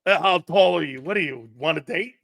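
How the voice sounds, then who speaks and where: A man doing crude, sarcastic sports talk, mimicking others in jeering voices and laughing often, swinging between loud outbursts and low mutters. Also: fairly quick, gravelly, no echo, clean studio sound. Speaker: sports commentator.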